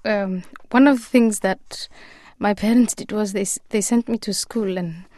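A woman guest in a radio interview, speaking earnestly and in a measured way with frequent pauses. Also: medium pitch, mellow, no room sound, clean studio sound. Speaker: author and guest.

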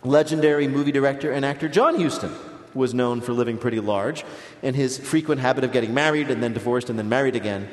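A man's voice: mid-range voice, quick pace, hardly any pauses. A man hosting a live comedy quiz show, playful and teasing, often laughing at his own jokes. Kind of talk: joking radio quiz banter. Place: stage before a live audience. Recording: live audience in a reverberant hall.

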